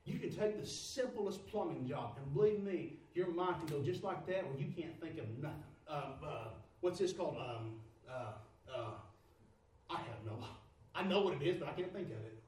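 A high-voiced man preaches in an echoey church, heard from a distance. He shifts from loud, pleading prayer into low, quiet talk. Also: lively intonation, normal speed. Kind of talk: sermon.

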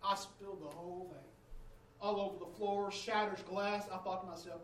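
A man's voice: high voice, fairly even intonation, normal speed, fairly bright tone, far from the mic, a little hiss or hum. A man preaching a sermon, telling a story and calling on the congregation for answers. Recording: roomy room, voice away from the mic.

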